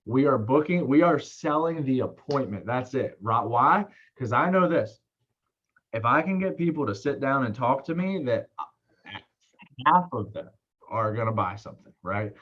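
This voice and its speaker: A man talks quickly and casually, coaching a sales team. He repeats himself and tags his points with "right?". The audio sounds a little dull and lo-fi. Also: medium pitch, expressive. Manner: fast, repetitive, keeps asking "right?". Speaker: sales trainer.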